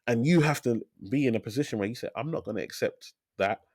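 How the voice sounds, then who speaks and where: Energetic man telling his story, dry sound. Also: medium pitch, fast talker, dry recording. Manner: energetic storyteller, repeats phrases for emphasis. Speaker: financial advisor, podcast guest. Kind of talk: casual interview talk.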